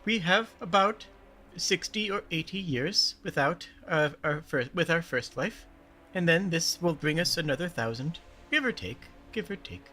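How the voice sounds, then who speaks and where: A man voicing a weary, long-lived character in a tabletop game, speaking slowly with halting pauses. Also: on the high side, expressive, sharp tone. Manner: slow, halting and subdued.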